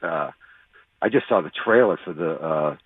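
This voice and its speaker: Husky man on a tinny phone line. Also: extremely low pitch, normal speed, no echo. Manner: animated, showman-like storyteller. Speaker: actor guest. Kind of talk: casual radio interview.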